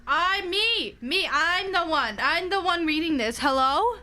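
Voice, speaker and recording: A woman streamer reading a horror story aloud, hushing for the narration and breaking into frightened shrieks, swearing and nervous laughter. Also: extremely high pitch, measured pace, slight background noise. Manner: animated and dramatic.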